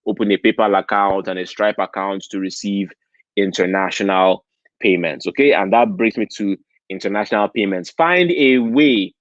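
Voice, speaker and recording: A man's voice: lowish voice, moderate pace, no echo. A man from Nigeria giving a motivational convention talk, preachy, punctuating points with "okay?". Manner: preachy, keeps asking "okay?". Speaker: convention speaker. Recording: dull lo-fi sound.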